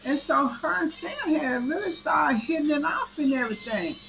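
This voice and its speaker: A woman's voice: high-pitched, animated, moderate pace, vocal fry, lo-fi sound, over music. A woman telling a story in a casual, slangy way, acting out the dialogue. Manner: conversational, slangy, acts out dialogue.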